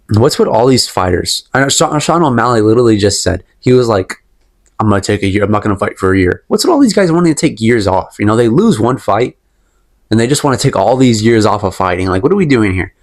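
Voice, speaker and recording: A man's voice: mid-range voice, big pitch swings, a little fast. Rambling, emphatic young man ranting. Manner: rambling, emphatic, repeats himself, sips tea while talking. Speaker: MMA commentary vlogger. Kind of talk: casual opinion rant.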